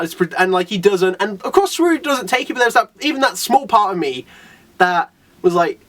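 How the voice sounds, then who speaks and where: A man talks through a manga chapter in a loose, rambling review, peppering it with "like" and little acted-out quotes. His voice sits high for a man and jumps around a lot in pitch. He sounds a bit back from the mic. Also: expressive, brisk, fairly bright tone, far from the mic.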